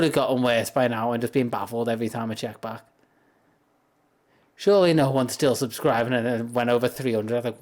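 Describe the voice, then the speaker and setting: A British man talks casually while streaming a game, drifting from one thought to the next and laughing at his own asides. His voice sits at an ordinary middle pitch, and he speaks from a home setup into a desk microphone. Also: steady tone, fast, a little mellow. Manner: rambling, self-amused, laughs often. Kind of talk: casual chat while gaming.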